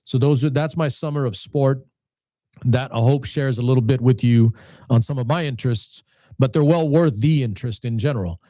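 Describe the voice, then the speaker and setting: Host in his late fifties, casual and meandering, with a warm low-key tone and a dry sound. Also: normal speed, no room sound. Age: 50s. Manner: rambling, many restarts and repeated words. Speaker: channel host. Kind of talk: casual talk to camera.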